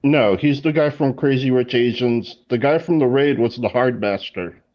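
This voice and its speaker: A man co-hosting a live talk show, calmly correcting the others on details. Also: medium pitch, moderate pace, lo-fi sound. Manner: matter-of-fact, corrects others. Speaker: podcast co-host. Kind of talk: casual live-show chat.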